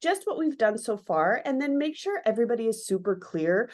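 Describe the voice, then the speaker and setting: A woman's voice: fairly high pitch, very animated, a little fast, a little mellow. A middle-aged woman teaching an online dance lesson, explaining eagerly and voicing movement sounds to show the rhythm. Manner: enthusiastic, explanatory, acts out sounds like pow and sha-pa. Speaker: dance educator. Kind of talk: online lesson with screen share.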